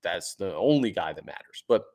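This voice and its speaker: A man hosting a sports podcast, talking excitedly and emphatically, repeating points for emphasis. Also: low-pitched, moderate pace. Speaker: podcast host.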